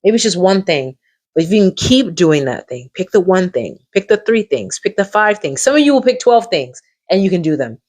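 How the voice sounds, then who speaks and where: A woman hosting a live coaching stream, encouraging and repetitive, reacting warmly to viewers in the chat. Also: fairly low pitch, normal speed. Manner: encouraging, repeats phrases, lively reactions to viewers.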